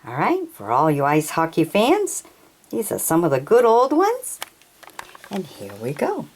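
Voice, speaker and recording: A woman reading out players and teams from her trading card collection, sounding each name out haltingly and tripping over hard ones. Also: on the low side, huge pitch swings, a little mellow, slight background noise. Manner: reads names haltingly, stumbles on pronunciations. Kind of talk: slow read-out of trading cards.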